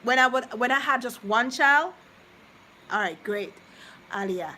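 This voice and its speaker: A woman's voice: a little high, animated, measured pace, pushed and bright, slight background noise, rough recording. Heartfelt woman chatting to viewers. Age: 30s. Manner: rambling and heartfelt, repeating herself, talking to viewers. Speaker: vlogger reading live chat. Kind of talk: casual live-stream chat.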